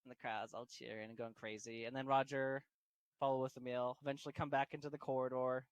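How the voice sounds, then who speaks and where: A man's voice: medium pitch, little pitch movement, quick pace, clear, resonant tone. A man narrating a tabletop game as game master, casual and laughing, swearing now and then.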